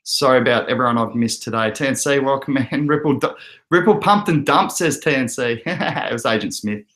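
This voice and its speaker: A young Australian man with an Australian accent hosts a casual crypto live stream, chatty and often laughing as he reads out viewer comments. His medium-pitched voice is fairly quick and fairly bright, in an echoey room.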